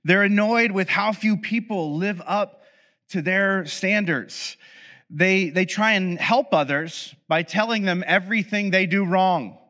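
A man's voice: high voice, measured pace, sharp tone. A man explaining relationship patterns in a casual monologue, speaking to the listener as "you" and acting out both sides of everyday arguments. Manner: conversational, addresses listener as "you", acts out both sides of dialogues; frequent fillers and restarts, self-mocking asides. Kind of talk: explanatory monologue with acted scenarios. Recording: reverberant room.

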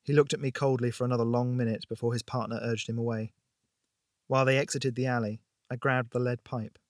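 A man narrating a thriller audiobook in a steady, expressive storytelling voice. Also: medium pitch, brisk, no room sound, studio quality.

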